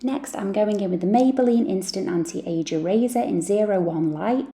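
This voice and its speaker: A woman's voice: mid-range voice, moderate pace, dark tone. A woman, a mum and beauty vlogger, talking through her makeup routine in a chatty, self-deprecating way. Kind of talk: makeup tutorial chat.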